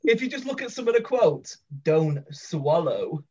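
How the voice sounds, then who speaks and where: A man hosting a casual group podcast chat, lively and quick to laugh, calling on each guest in turn. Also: extremely high pitch, background noise. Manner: lively, laughing, leads the turns. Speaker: podcast host. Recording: dull lo-fi sound.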